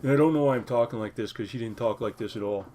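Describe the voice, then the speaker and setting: A man's voice: medium pitch, fast talker, noisy background, lightly acted. A man putting on a drawling voice for an ordinary guy he met. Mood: offhand. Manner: exaggerated, drawling.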